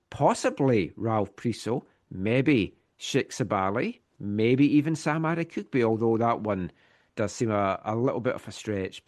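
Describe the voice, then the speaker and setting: A man hosting a sports podcast, running through club news in a steady, informative way with a touch of wry humour. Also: mid-range voice. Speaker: podcast host. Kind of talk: casual sports news rundown.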